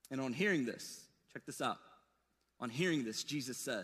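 A man preaching a sermon, telling stories in a casual, animated way with slangy asides. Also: mid-range voice, moderate pace, slightly rough, in a large hall. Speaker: pastor.

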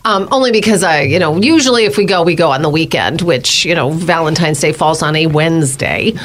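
A woman's voice: sits low, brisk, a little hiss or hum. A woman co-hosting a morning radio news show, chatty and teasing, laughing easily. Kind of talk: casual morning radio banter.

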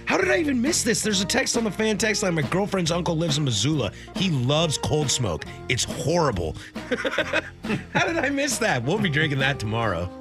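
An excitable man in a slightly higher register introduces segments on a sports radio show. His voice swings widely in pitch, and music plays underneath. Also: moderate pace. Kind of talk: casual sports talk.

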